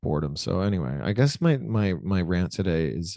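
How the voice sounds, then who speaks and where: Interview guest, man, 40s: loose, meandering chat, low register, dry close mic. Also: very animated, brisk, vocal fry, warm tone, no echo. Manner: rambling, self-correcting, many likes.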